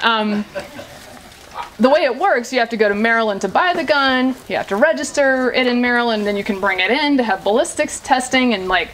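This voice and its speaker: A woman's voice: on the high side, a little fast, fairly bright tone, rough recording. A woman political commentator giving a humorous, sarcastic live speech and taking questions at a party. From living in Virginia. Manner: chatty, sarcastic, laughing often. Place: indoor party venue. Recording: live room with crowd noise.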